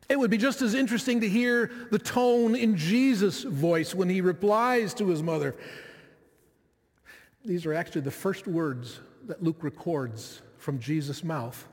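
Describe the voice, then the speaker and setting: High-voiced man preaching in an echoing hall. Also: a little slow. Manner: reflective, conversational, with frequent asides to the listeners. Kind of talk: sermon.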